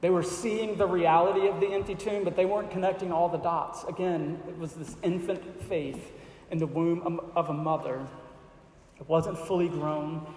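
A man's voice: a little high, darkish tone, a little hiss or hum. A man pastor preaching an earnest sermon to his church and closing in prayer. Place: church hall. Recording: echoey hall with long reverb.

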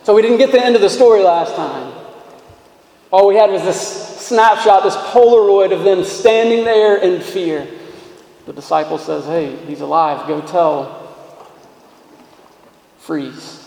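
A man preaching a sermon as pastor, talking conversationally, restarting words and moving between brisk runs and slow, emphatic lines, in a church. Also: high voice, animated, mellow. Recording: echoey reverberant hall.

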